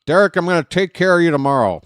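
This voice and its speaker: A man's voice: on the high side, animated, fast, clear, resonant tone, dry recording, clean studio sound. A man calling a live baseball game as a streaming host, in a rambling, jokey, self-deprecating way. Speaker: play-by-play streamer. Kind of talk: live play-by-play commentary.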